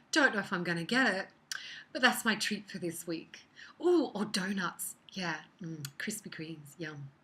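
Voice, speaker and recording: A psychic woman gives a casual weekly card reading, chatty and expressive, occasionally slipping into soft whispered asides. Her voice is medium in pitch.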